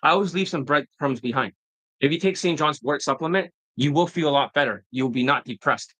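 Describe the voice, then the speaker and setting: A man's voice: on the high side, a little fast, pushed and bright, no echo, rough recording. A middle-aged man giving a blunt, profane coaching rant, often tossing in "right?". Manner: keeps asking "right?" to prompt agreement. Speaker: dating coach. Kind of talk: ranting coaching monologue.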